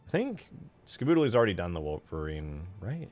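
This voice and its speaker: A man streaming as he builds a game mod, chatting casually while he works. He mutters quietly as he models, then bursts out loudly to thank viewers. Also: sits low, big pitch swings, a little fast.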